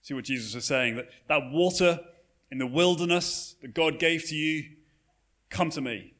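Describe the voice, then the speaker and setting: A male pastor giving a sermon, telling a story in a relaxed, conversational way. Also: fairly high pitch, moderate pace. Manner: conversational storytelling with frequent fillers and restarts.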